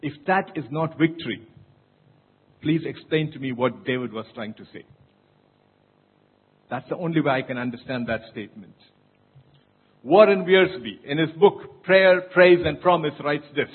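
Husky preaching man on a tinny line. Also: on the high side. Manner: deliberate preaching, slows and lifts for emphasis. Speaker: pastor. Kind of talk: sermon. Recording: tinny phone-like sound.

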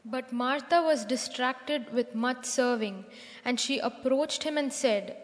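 A woman reading a scripture passage aloud in a steady, even way during a church service. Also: high voice, takes it slowly. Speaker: scripture reader. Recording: echoey hall.

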